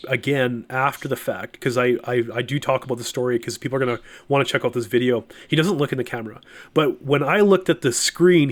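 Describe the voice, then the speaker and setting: Earnest man telling his faith story. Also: mid-range voice. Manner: earnest, halting storytelling with many restarts and fillers. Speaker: podcast guest. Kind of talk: personal testimony in an interview.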